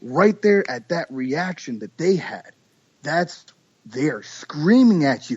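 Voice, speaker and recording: A man, a duck call maker, chatting casually on a podcast and telling lively stories with imitated calls. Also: on the high side, slow, husky, lo-fi sound. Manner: animated storyteller, imitates duck calls and voices.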